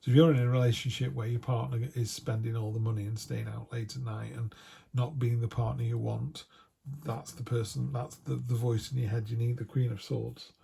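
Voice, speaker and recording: A man's voice: medium pitch, level tone, fairly quick, creaky, dark tone, slightly rough. A man giving a casual tarot reading, chatty and full of restarts. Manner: chatty, quotes imagined voices, frequent restarts. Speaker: tarot reader.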